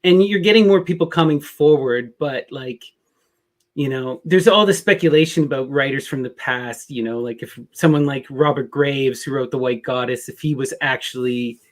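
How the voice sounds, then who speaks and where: A man's voice: mid-range voice, normal speed. A man hosting a podcast, musing casually with lots of "you know" and "like.". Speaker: podcast host.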